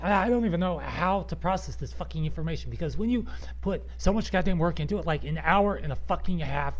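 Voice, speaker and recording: A man's voice: fairly high pitch, expressive, brisk. A young man ranting furiously at his computer, swearing constantly and stammering as he repeats words. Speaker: podcaster. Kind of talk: angry rant. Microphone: computer voice recorder. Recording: muffled lo-fi home recording.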